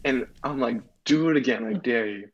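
A man's voice: medium pitch, moderate pace, dull audio. A teenage boy, a guest on a casual podcast, telling a story in a rambling way with lots of fillers, restarts and laughs. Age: teens. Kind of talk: casual chat.

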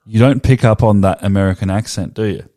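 Rambling Australian man, low voice. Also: a little fast, mellow. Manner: rambling, full of "like", thinks aloud. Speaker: podcast co-host. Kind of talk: casual chat.

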